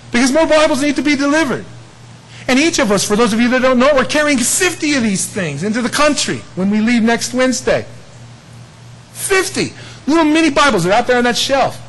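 A man preaching a sermon, conversational and playful, dropping to hushed asides and rising to loud emphatic peaks. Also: very high-pitched, low-quality recording. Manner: chuckles often, conversational and playful. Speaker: pastor.

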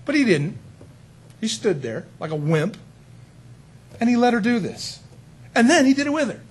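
Animated raspy-voiced male preacher. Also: extremely high pitch, normal speed. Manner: animated, conversational, rhetorical questions. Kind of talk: sermon.

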